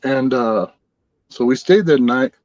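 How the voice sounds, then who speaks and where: A middle-aged man telling a long story in a relaxed, rambling way, as a guest on a podcast. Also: mid-range voice, measured pace, no room sound, lo-fi sound. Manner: rambling, laid-back storyteller. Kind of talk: casual storytelling.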